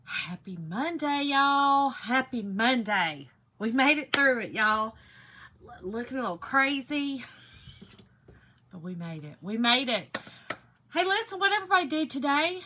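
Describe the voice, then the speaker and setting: A woman from Georgia with a Southern accent hosting a craft live stream in a hoarse, raspy voice, chatting and greeting viewers by name. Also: high-pitched, very animated, measured pace, pauses often, bright, forceful tone, slight background noise. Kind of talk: casual live-stream chat.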